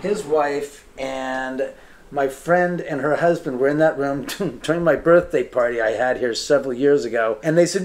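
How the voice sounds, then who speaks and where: A man showing guests around his house indoors and telling lively stories, acting out the voices of others. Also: fairly high pitch, moderate pace. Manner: lively, acts out quoted voices. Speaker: homeowner giving a house tour. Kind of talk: animated storytelling.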